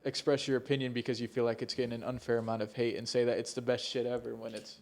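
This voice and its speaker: A man's voice: mid-range voice, level tone, fast, gravelly, a little mellow. Rambling, swearing young man on a podcast. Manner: rambling, swears a lot, laughs mid-sentence. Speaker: podcast co-host. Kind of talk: casual chat.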